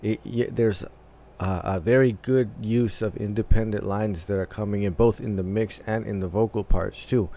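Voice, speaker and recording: A man's voice: on the low side, steady tone, moderate pace, mellow, a little hiss or hum. A man hosting a music reaction, casually analyzing the vocals and arrangement as he listens, often restarting phrases as he thinks aloud.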